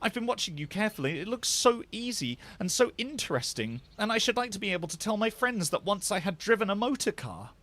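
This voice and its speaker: A man's voice: sits high, sing-song, fairly quick, hardly any pauses, a bit bright, voice pushed up, full character voice. A man voicing a boastful, reckless male toad disguised as a washerwoman, swaggering and gleeful in a storybook reading. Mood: wheedling.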